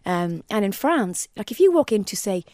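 A middle-aged Irish woman co-hosting a podcast, telling stories in an animated, chatty way. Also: mid-range voice, moderate pace, no room sound, studio quality. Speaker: podcast co-host. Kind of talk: casual chat.

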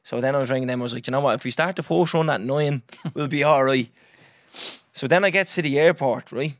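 A young Irish man hosting a podcast, telling a story in a lively, swearing, casual way and acting out what others said. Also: mid-range voice, fairly quick, dry recording, studio quality. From Ireland. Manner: animated, swears freely, acts out others' lines. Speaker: podcast host.

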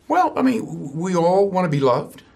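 Brief: male interview guest, gravelly voice, halting and reflective delivery. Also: high voice, big pitch swings, darkish tone. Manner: halting, with many restarts and chuckles. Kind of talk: archived interview answers.

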